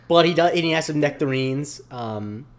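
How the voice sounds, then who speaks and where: A man co-hosting a podcast, recapping a TV episode in casual chat, rambling with lots of fillers. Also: on the high side. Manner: rambling, filler-heavy, slips into quick voice impressions. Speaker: podcast co-host.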